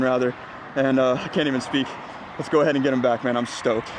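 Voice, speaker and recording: A man's voice: mid-range voice, fast. A man hosting a fishing video, talking energetically and breathlessly as he fights a fish from a bridge. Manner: energetic, exclaiming, breathless bursts. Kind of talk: excited outdoor fishing vlog chatter. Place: outdoors on a bridge over the water. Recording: outdoor wind and water noise.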